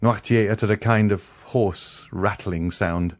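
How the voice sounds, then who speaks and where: A man reads a classic novel aloud in a measured, even manner. His voice is low. The recording is dry and close. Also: dry recording. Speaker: audiobook narrator. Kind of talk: scripted narration.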